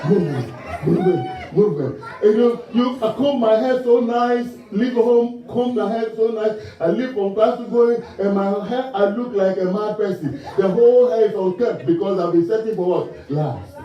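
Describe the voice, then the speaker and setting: A man from Ghana preaching a sermon in an animated way, asking the congregation call-and-response questions and laughing along with his own stories. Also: high voice, normal speed, few pauses. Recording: distant mic in a reverberant church hall, muffled.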